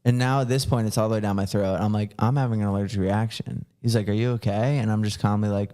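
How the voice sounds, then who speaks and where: Talking fast with fairly even intonation, a man whose voice is fairly low and dark hosts a podcast. His long story rambles along, peppered with swearing and a stream of "like"s.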